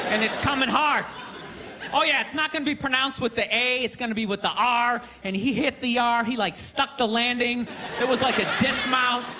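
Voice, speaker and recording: A man doing a stand-up comedy set on a theater stage, ranting and mocking with loud shouted bursts. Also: very high-pitched. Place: theater stage with live audience. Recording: live show with crowd noise.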